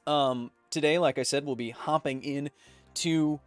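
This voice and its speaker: A man in his thirties hosts a casual live stream, his voice pitched a bit high. He jokes his way through viewer comments read aloud. The sound is close and dry, with soft music underneath. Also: fairly even intonation, no echo. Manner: joking, reads chat messages aloud with quick asides. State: coughing fits. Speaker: livestream host.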